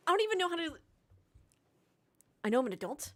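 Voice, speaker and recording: A woman reacting on a live stream in loose casual chat, swearing and exasperated, laughing often. Her fairly high voice leaps up and down with lively energy. The sound is close and dry, with no room around it. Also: quick pace, no echo. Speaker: streamer watching a race.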